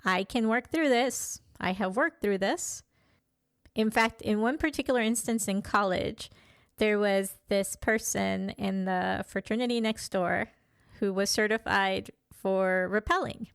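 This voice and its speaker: A woman in her fifties talking candidly in a reflective personal monologue, pausing and restarting as she thinks. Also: medium pitch, gravelly, fairly bright tone, clear, resonant tone, no room sound, studio quality. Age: 50s. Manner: thoughtful, candid, with frequent pauses and restarts. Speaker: vlogger.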